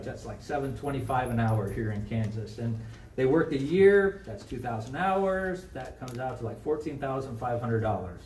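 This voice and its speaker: Conversational Midwestern pastor preaching in an echoey church. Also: male voice, mid-range voice, a little mellow, a little hiss or hum. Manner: conversational, asks the congregation questions. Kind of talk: sermon. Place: church sanctuary. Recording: echoey room, mic from a distance.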